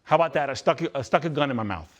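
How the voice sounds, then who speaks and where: A man's voice: medium pitch, animated, racing. A man speaking to a room of students at a youth retreat, blunt and intense, repeating his points for emphasis. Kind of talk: live motivational talk with Q&A. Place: large indoor room with a live audience.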